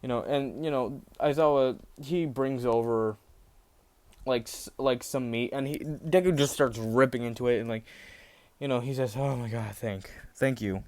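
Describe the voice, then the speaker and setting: A man's voice: medium pitch, moderate pace, darkish tone, clear, resonant tone. A man casually narrating a fan-made story, rambling, with many fillers and restarts.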